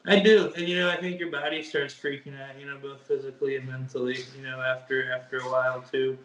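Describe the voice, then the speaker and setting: A man's voice: mid-range voice, flat delivery, fairly quick, fairly bright tone, recorded from a distance, a little hiss or hum. A young man, a bodybuilder, chatting casually as an interview guest, easygoing and hesitant with lots of fillers. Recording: echoey room.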